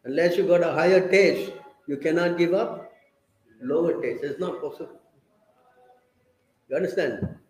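A man's voice: on the high side, moderate pace, pauses often, a little mellow, reverberant, low-quality recording. A man giving a scripture class, emphatic and questioning, often checking that listeners understand. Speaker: preacher.

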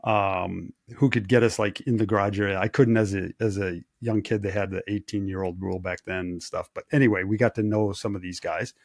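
A man from Wisconsin, a race engineer co-hosting a podcast, telling rambling anecdotes in a relaxed chat. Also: on the low side, fairly quick, few pauses, no room sound, clean studio sound. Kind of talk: casual storytelling chat.

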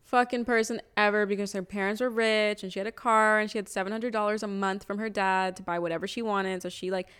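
A woman's voice: medium pitch, steady tone, quick pace, few pauses, fairly bright tone, clean tone. A young woman in her twenties, co-hosting a podcast, telling a story casually with a lot of swearing. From Toronto area, Canada. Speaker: podcast co-host.

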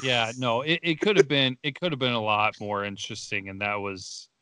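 Bright-voiced young man, chatty podcast co-host. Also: mid-range voice, fairly even intonation, moderate pace, clean tone, dry recording, studio quality. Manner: chatty, laughs often while retelling scenes. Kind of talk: casual movie review chat.

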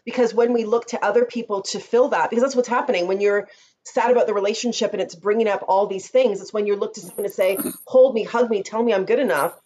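A woman's voice: medium pitch, fairly even intonation, fast talker, darkish tone. A woman hosting an interview, reflecting and affirming her guest, thinking aloud as she frames questions. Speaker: podcast host. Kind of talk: conversational interview. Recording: dull lo-fi sound with faint background noise.

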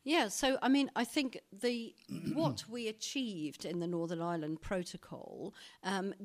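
A woman serving as an ambassador answers interview questions with measured, diplomatic care. Her voice sits a little low, and she often pauses on an "um" before restarting a phrase. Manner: measured, diplomatic, with frequent ums.

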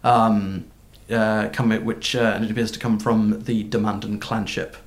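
A man narrating as game master of a tabletop game, halting and full of fillers. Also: fairly low pitch, flat delivery, reverberant. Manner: halting, with many fillers and restarts.

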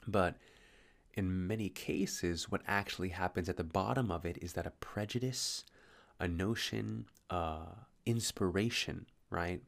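Deep gravelly man musing late at night. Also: unhurried. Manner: musing, rambling, self-correcting. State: tired, slightly slurring. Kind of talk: late-night philosophical monologue.

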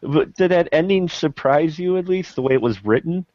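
A man with a slightly high voice hosts a casual film podcast, laughing often as he questions his guests. The sound is dry and a little muffled. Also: animated, moderate pace, a little mellow, no room sound. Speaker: podcast host. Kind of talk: casual movie discussion.

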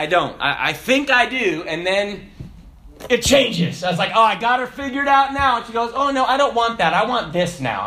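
A man in his thirties with a Southern American accent, preaching a sermon in a folksy, joking way with many questions to the congregation. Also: high voice. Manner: folksy and animated, jokes and rhetorical questions.

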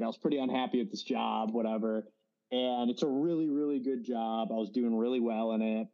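Man, twenties, casual podcast host, rambling storyteller, middle pitch, lo-fi sound. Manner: rambling storyteller, many fillers. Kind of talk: casual chat.

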